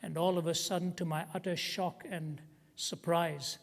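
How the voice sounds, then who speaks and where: A man's voice: fairly high pitch, little pitch movement, normal speed, gravelly, big-room sound. A man preaching a sermon, telling stories and rising to emotional emphasis when he quotes others.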